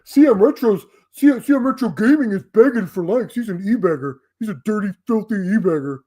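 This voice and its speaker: A man's voice: sits high, expressive, fairly quick, dark tone, breathy edge, pitched above the performer's own voice. A man voicing a sneering online critic who scolds in an exaggerated, mocking way.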